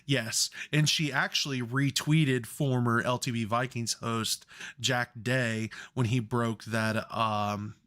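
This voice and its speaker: Bright-voiced man in casual chat. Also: mid-range voice, steady tone, slow pace. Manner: rambling, swears freely when worked up. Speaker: podcast co-host.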